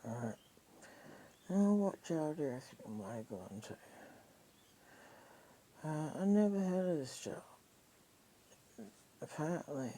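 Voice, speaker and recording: Slow-talking, swearing Australian woman. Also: low voice, expressive, dark tone, slight background noise, poor audio. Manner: profane, rambling, emotionally raw. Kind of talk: casual storytelling monologue.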